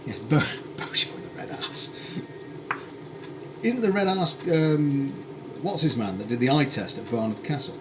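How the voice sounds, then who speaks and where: A British man talks casually while he cooks, and his pitch rises and falls a lot. He is wry and full of tangents. Pans and dishes clatter clearly behind him in a home kitchen. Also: lively intonation, measured pace, background noise. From United Kingdom. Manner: chatty and wry, with tangents and dry asides. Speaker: streamer cooking live. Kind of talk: casual cooking stream chat.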